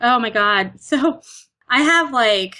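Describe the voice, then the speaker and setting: A Canadian woman, a guest in a casual chat, speaks slowly in a slightly high voice. She's chatty, peppering her talk with "like" and "you know," and acts out her own stories in animated retellings.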